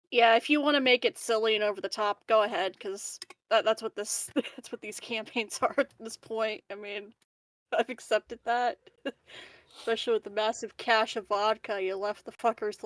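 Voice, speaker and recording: A woman's voice: fairly high pitch, steady tone, measured pace, a bit bright, dry recording. A woman running a tabletop game as game master, giggling through her narration and swearing casually.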